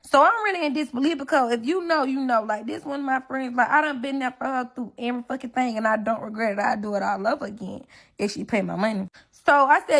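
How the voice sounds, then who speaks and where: Fast-talking indignant young woman, AAVE. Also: fairly high pitch, lively intonation. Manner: emphatic, indignant, acts out quotes. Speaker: storyteller recounting a falling-out. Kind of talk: casual story-time vlog.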